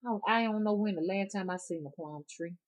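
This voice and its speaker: A woman's voice: mid-range voice, a little fast. A middle-aged woman with an Alabama accent telling family stories in a folksy, meandering way, full of repetitions and digressions. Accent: Southern US, Alabama. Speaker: rootworker and storyteller. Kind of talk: casual spoken storytelling.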